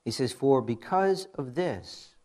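A middle-aged man preaching a sermon in a loose, conversational way, wandering into personal stories and asides. His pitch swings widely, rising and dropping as he makes each point. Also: slow pace. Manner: animated storytelling with frequent asides. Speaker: pastor.

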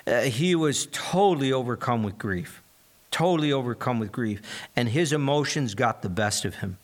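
A pastor preaching a sermon, reading scripture and retelling it in an earnest, conversational way. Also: male voice, medium pitch, expressive, moderate pace.

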